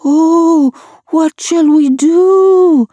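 Squeaky high jungle critters, shrill and wailing, storybook style. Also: female voice, extremely slow, mellow, dry recording, full character voice. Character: chorus of timid fretful jungle night creatures.

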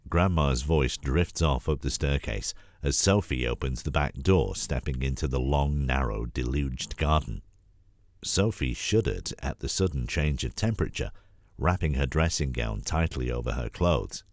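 A man with a cold and a husky voice, gently narrating a storybook as an audition. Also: rumbling low, moderate pace, no room sound, clean studio sound. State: has a cold. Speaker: voice actor auditioning.

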